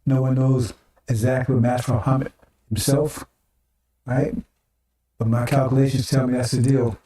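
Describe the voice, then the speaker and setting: In a mellow, medium-pitched voice with little pitch movement and a normal speed, an older man gives an informal sermon broadcast. He talks rhetorically, repeating phrases and tacking on "right?" and "see?", heard in an echoing room via a distant mic.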